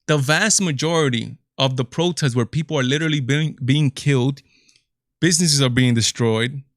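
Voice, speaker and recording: A man's voice: mid-range voice, moderate pace, fairly bright tone, dry recording, studio quality. A man hosting a reaction commentary video, talking in incredulous bursts with repeated exclamations. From Latin America.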